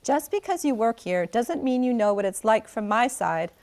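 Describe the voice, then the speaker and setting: A woman's voice: on the high side, animated, moderate pace, darkish tone. A woman reading the lines of an earnest teenage girl student who answers with guarded, wry defensiveness.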